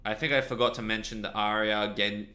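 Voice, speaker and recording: With a lowish voice and clean tone, a man talks a little fast through a casual video review of a TV episode. He's excitable and rambling, cursing freely and correcting himself often.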